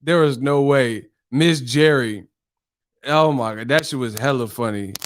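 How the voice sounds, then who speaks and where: A man's voice: mid-range voice, unhurried, a little hiss or hum. A male channel host in a casual live-stream chat, telling stories animatedly and laughing often.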